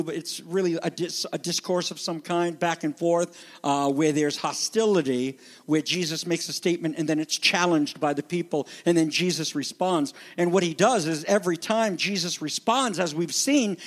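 High-pitched male pastor, emphatic and dramatic, preaching a teaching sermon. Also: normal speed, hardly any pauses. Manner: emphatic, dramatic teaching that acts out quoted voices. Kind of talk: expository sermon.

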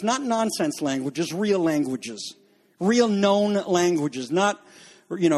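High-voiced pastor preaching casually. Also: male voice, expressive, unhurried, darkish tone. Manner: conversational and joking, with asides to the congregation. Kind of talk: sermon.

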